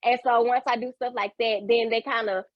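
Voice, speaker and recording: A woman speaking as a peer mentor in a webinar conversation, telling her story with lively acted-out quotes. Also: a little high, fairly quick, no room sound, muffled recording.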